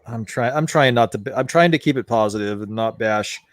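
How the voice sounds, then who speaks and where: A man's voice: medium pitch, brisk, no room sound. Guy ranting on a podcast, fed up, swears a lot, dry close mic. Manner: ranting, exasperated, swears freely. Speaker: podcast host. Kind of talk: casual opinionated chat.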